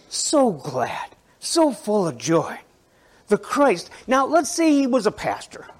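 A male pastor preaching a sermon in a conversational, animated way, with asides to the congregation and frequent restarts. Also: high-pitched.

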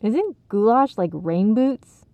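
A woman reading a calm, unimpressed little boy. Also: fairly high pitch, takes it slowly, no echo, voice pushed up. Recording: tinny phone-like sound, dry.

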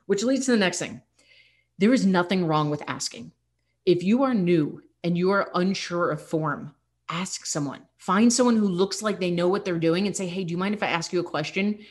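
A young adult woman fitness coach hosting a podcast, talking candidly and encouragingly, with laughs slipping in. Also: fairly low pitch. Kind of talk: casual motivational podcast talk.

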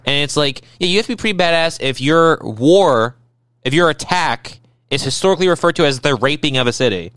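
Fast, sarcastic ranting man. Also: on the high side, animated, fairly bright tone, clean tone, dry recording. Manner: rapid, sarcastic ranting with heavy swearing. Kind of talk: casual chat.

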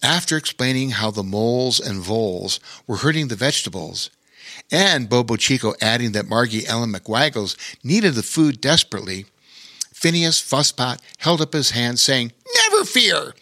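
A man narrating a children's story with lively, expressive delivery. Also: mid-range voice, normal speed, no room sound, clean studio sound.

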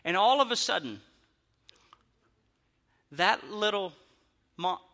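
Man, stand-up storyteller, high, very bright voice, laughs his way through. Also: takes it slowly. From Arkansas, US. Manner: animated, laughing, self-mocking. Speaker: comedian.

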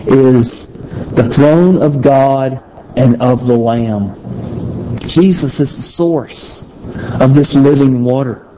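A man preaching a sermon, teaching through a Bible passage in a conversational way, pausing and restarting phrases as he thinks aloud. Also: mid-range voice, background noise.

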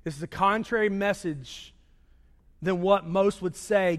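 A man preaching a sermon, swinging between loud raised delivery and hushed low passages. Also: unhurried. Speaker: pastor. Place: church sanctuary. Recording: long reverb of a large hall.

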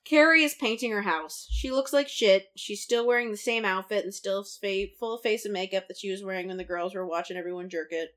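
A woman recapping a TV episode in casual chat, sarcastic and profane, retelling scenes with animated voices. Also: medium pitch, brisk, few pauses. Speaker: podcast co-host.

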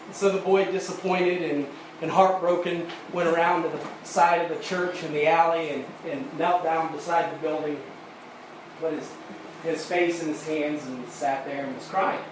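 A man's voice: fairly high pitch, steady tone. Man preaching in an echoey church. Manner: halting, repeats words, builds to fervent emphasis. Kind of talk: sermon storytelling. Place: church sanctuary. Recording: echoey room, distant mic, noisy.

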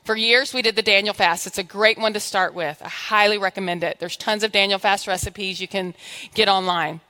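Woman, pastor, sermon, bright forceful tone, humorous, conversational, church. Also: mid-range voice, fairly even intonation, a little fast.

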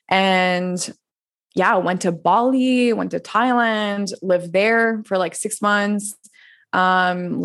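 A woman in her twenties, a coach and podcast guest, telling her story in a rambling, animated way with frequent laughs and restarts. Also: on the low side. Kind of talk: casual interview storytelling.

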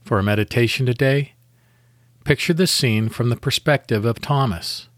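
A man hosting a devotional podcast, leading a guided meditation and prayer in a calm, measured, deliberate way. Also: mid-range voice, no room sound, studio quality.

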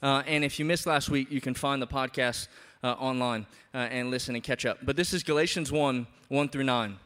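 A man preaching a sermon as a pastor, in an animated, conversational way with emphatic rises. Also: medium pitch, normal speed, in a large hall.

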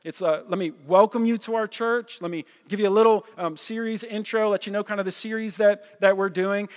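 Guy preaching a sermon, kinda high voice, lots of echo from the church hall, chatty, keeps saying right?. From New Jersey. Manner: conversational, repeats words, keeps checking in with "right?". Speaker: pastor.

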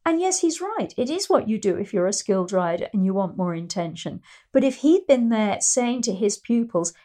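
A woman's voice: mid-range voice, mellow. A middle-aged woman and riding teacher giving an instructional talk, explaining ideas through anecdotes. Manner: explanatory, storytelling, acts out quoted voices.

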